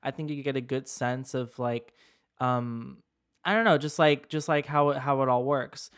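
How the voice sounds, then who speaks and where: Male podcast co-host, casual chat; clear smooth mid-range voice, hesitant and halting. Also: mid-range voice, fairly bright tone. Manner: hesitant, many ums, stumbles on words.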